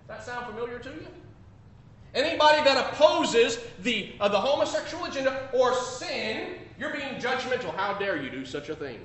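A man preaching a sermon, emphatic, swinging between loud declarations and quiet asides. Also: animated, measured pace, pauses often. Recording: echoey room with faint rumble.

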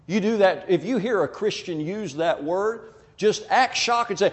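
Brief: male preacher, slightly high voice, emphatic, long hall reverb. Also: expressive, brisk, few pauses. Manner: emphatic, acts out quoted people in dialogue. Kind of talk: sermon.

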